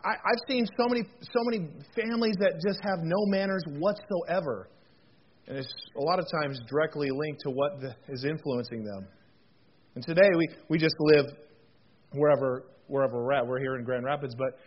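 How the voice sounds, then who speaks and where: A man's voice: mid-range voice, slight background noise. A man preaching a sermon as pastor, earnest and folksy, often repeating words and stumbling into joking asides. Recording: muffled lo-fi recording.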